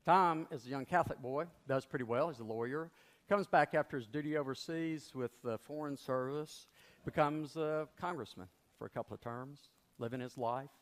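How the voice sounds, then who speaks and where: A male pastor preaching a sermon and telling a story in an animated way. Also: medium pitch, moderate pace. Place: large church. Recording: long reverb of a large church.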